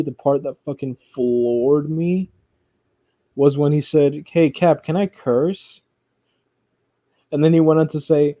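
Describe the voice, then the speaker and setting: A streamer with a slightly high, warm voice, recorded with no room sound, gives casual commentary that rambles. He swears often, leans on fillers, and keeps restarting his sentences.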